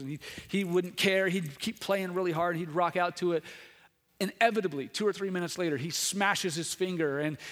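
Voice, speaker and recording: Man, 30s, pastor, sermon, high voice, earnest, repeats himself, emphatic. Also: a bit bright. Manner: earnest, repetitive restarts, builds to raised emphatic passages.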